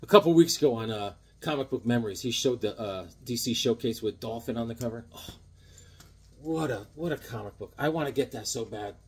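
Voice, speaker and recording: Husky, animated man in his seventies. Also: mid-range voice, fairly quick. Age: 70s. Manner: enthusiastic, rambling, jokey. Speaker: comic book collector showing a haul. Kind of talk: casual haul video chat.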